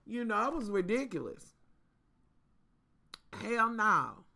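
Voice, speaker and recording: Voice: mid-range voice, sing-song, slow pace, vocal fry, pushed and bright. A vlogger, ranting in a sassy, profane way straight to the viewers in a casual storytime. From Kentucky.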